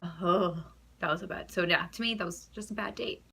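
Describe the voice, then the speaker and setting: A woman's voice: medium pitch, quick pace, vocal fry, sharp tone, breathy edge. A young American woman telling her own stories to the camera in a casual, chatty way, giggling, trailing off and restarting her sentences. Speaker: vlogger.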